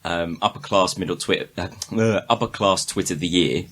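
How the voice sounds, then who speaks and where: A man's voice: low voice, normal speed, a bit bright. A man co-hosting a podcast, chatting casually with dry quips. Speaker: podcast co-host. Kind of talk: casual chat.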